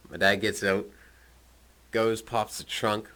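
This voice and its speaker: A man with a very low voice recounting a teenage party story in loose, profane, conversational talk. His tone is bright and forceful, and he drops swearing and chuckling asides throughout. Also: fairly even intonation, slow.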